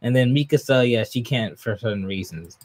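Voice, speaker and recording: A young man live-streaming a manga reaction, reading aloud, laughing often and talking to his chat. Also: a little fast. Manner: excitable, laughs often, jumps up in pitch when hyped.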